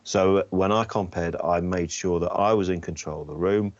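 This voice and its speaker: Male comic, very low voice, dull lo-fi recording, wry self-deprecating anecdotes. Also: fairly even intonation, normal speed, dry recording. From England. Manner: self-deprecating, frequent restarts. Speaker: comedian guest. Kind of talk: anecdotal interview storytelling. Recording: dull slightly lo-fi sound.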